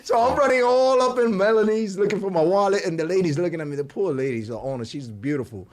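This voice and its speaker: A man, a podcast host telling a story in a casual, animated way, laughing often and acting out what others said. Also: high-pitched, fast. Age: 40s.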